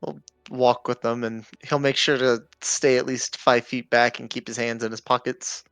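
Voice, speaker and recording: A man's voice: mid-range voice, flat delivery, normal speed, gravelly, fairly bright tone, smooth, no room sound. A man playing a tabletop game, thoughtfully describing his character's actions. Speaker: player.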